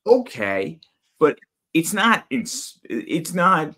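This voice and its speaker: A man hosting a podcast in casual chat, talking bluntly with swearing and animated storytelling. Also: on the high side, extremely slow. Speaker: podcast host.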